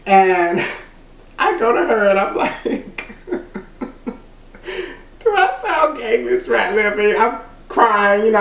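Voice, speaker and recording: A young man from Louisiana, telling a candid personal story and rambling with lots of "you know". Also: a little high. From Louisiana, USA. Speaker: vlogger. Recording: roomy echo, mic set far off.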